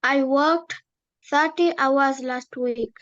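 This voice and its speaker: A woman student in an English lesson, carefully and haltingly repeating practice sentences. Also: sits high, steady tone, muffled recording. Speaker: language student.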